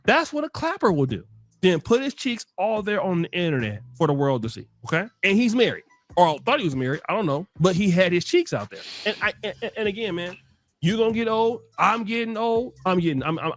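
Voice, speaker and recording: A man hosting a commentary show, talking emphatically and repeating words when he gets worked up. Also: sits high. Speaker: show host. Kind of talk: animated casual commentary.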